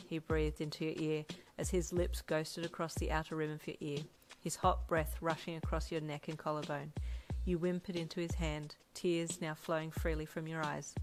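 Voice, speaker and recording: A woman narrating a second-person fanfic story, her voice sitting on the lower side and steady as she tells it. Faint music plays softly beneath her reading. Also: low-quality recording. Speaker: audiobook narrator.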